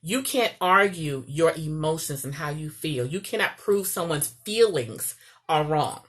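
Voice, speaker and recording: A woman's voice: low voice, expressive, unhurried, a bit bright. A woman giving casual marriage advice as a coach, chatty and often checking in with "okay?". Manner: chatty, repeats "okay?" to the viewer.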